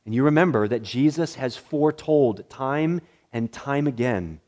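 A male pastor preaching a sermon, swinging between loud excitement and hushed, somber tones, with deliberate repeated phrases. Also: medium pitch.

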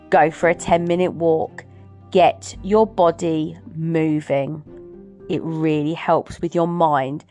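Woman, middle-aged, encouraging motivational talk, lower voice, faint music underneath. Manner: warm, earnest, encouraging. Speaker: host. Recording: soft music behind.

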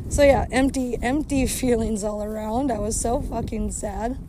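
With background noise around her, a woman walks her dog by a cow pasture while recording a casual podcast, cursing constantly, venting bitterly to listeners and herself, and scolding the dog. Her voice runs on the high side, a little slow, with few pauses.

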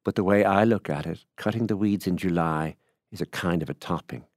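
A man voicing a proud middle-aged widow who answers clipped and cross, held close to the reader's own very deep voice. the sound is dry and close-miked. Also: a little fast, a little mellow, no room sound.

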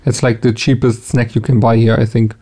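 A man who speaks natively, co-hosting a podcast in casual chat, relaxed and chuckling, with lots of fillers and restarts. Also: mid-range voice, fairly quick. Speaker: podcast co-host.

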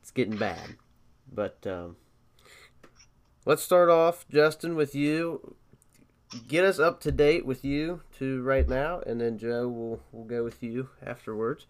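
A man hosts a casual chat podcast in a laid-back way. His voice is clear and smooth, at an ordinary pitch. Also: slow pace. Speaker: podcast host.

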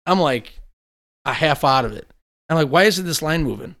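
Animated, foul-mouthed man telling stories. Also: fairly high pitch, moderate pace. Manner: animated storyteller, swears freely. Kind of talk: casual chat.

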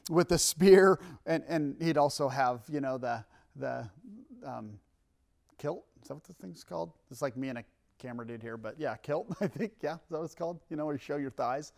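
A man preaching a sermon and reading scripture aloud, with casual asides and self-corrections, building to loud, emphatic peaks. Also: medium pitch, a little fast, vocal fry.

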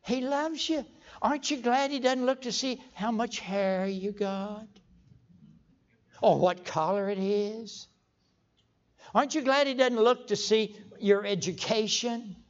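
A man's voice: high-pitched, steady tone, measured pace. An older man preaching a folksy sermon in a church, stumbling over restarts and breaking into sudden emphatic outbursts. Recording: dull lo-fi sermon recording.

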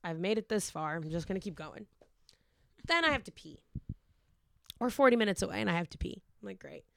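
A woman's voice: mid-range voice, lively intonation, a little fast, gravelly, a bit bright, a little hiss or hum. A young woman in her twenties telling a long, rambling story in casual chat, swearing freely and acting out quotes.

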